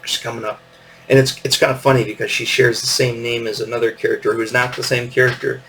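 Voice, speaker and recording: A man's voice: mid-range voice, little pitch movement, fast talker, vocal fry, pushed and bright, far from the mic, slight background noise, poor audio. A man in his fifties hosting a casual show-and-tell, meandering with lots of fillers and little chuckles. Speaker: podcast host.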